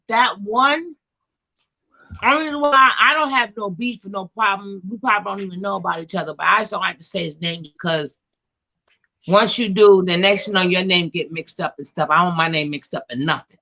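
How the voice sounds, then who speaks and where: A woman hosting a casual gossip livestream, animated and slangy, quick to laugh. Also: mid-range voice. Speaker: livestream host.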